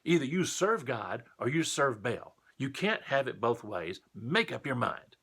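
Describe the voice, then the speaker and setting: A man's voice: medium pitch, sing-song, a little slow, fairly bright tone, breathy edge, heavily acted. A man voicing a bold prophet who speaks in a firm, challenging way. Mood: stern. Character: bold, stern male prophet.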